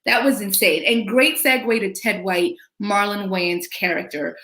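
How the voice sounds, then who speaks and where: A woman's voice: mid-range voice, fairly even intonation, measured pace, pushed and bright, roomy sound. A woman hosting a casual movie discussion podcast, thoughtful and conversational. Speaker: podcast host.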